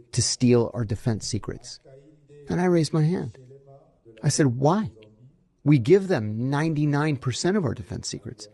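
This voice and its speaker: Gravelly-voiced man telling anecdotes. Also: medium pitch. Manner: animated anecdotes, acts out quoted dialogue. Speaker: former intelligence officer, guest. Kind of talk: storytelling interview answers.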